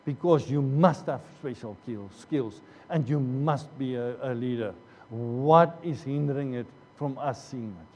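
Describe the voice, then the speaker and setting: A man's voice: mid-range voice, unhurried, darkish tone. A man preaching a sermon as pastor, earnest, often repeating phrases and restarting. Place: church hall. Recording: long church hall reverb.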